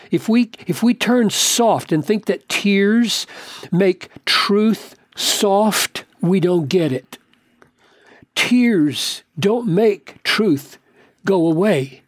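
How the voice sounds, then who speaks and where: An older man, a pastor, giving an earnest, deliberate Bible commentary and stretching key words for emphasis. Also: sits high, darkish tone, dry recording, clean studio sound.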